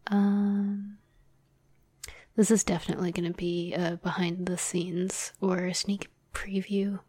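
A woman's voice: fairly low pitch, dark tone, dry recording. A woman hosting her podcast in a whispered chat, hesitant and self-deprecating, with many fillers. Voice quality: breathy whisper. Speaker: podcast host and script writer.

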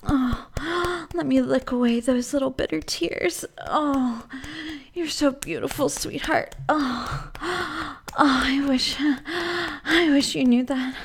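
A possessive, menacing motherly captor, played by a woman in an audio role-play. The voice sits high and coos with breathy edges. She takes her time, drawing out every word. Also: slow pace, a little hiss or hum, heavily acted. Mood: cooing.

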